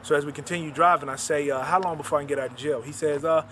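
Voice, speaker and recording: A man, an author, recounting a personal story and retelling the dialogue in quick back-and-forth. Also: on the high side, steady tone, sharp tone, slight background noise.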